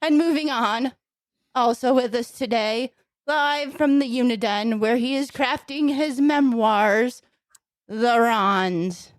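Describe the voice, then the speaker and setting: A woman's voice: on the high side, slow pace, no room sound. Woman hosting with mock grandeur. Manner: mock-grandiose, teasing, swears freely. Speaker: podcast host. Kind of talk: casual comedic podcast chat.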